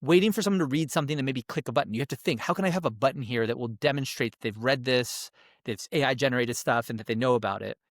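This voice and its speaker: A man co-hosting a podcast in casual chat, excitable and rambling, restarting his sentences. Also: medium pitch, fast talker, no room sound, studio quality. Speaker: podcast co-host.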